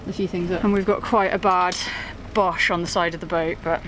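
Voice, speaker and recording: A woman's voice: lowish voice, steady tone, a little fast, background noise. A young woman casually narrating her narrowboat travel vlog, breezy and chatty, laughing often. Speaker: vlogger. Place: narrowboat and canal towpath.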